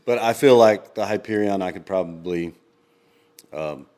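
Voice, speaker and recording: A man co-hosting a podcast in casual chat, rambling with lots of ums and quick laughs. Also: deep voice, mellow. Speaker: podcast co-host.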